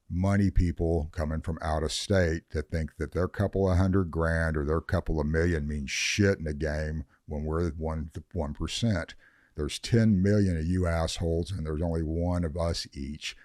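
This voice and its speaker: A man's voice: very deep voice, fairly even intonation, unhurried, a little mellow, no echo, clean studio sound. An older man, a veteran grower, talking in a podcast interview, blunt, profane and fired up as he rants. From Northern California. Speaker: veteran cannabis grower guest.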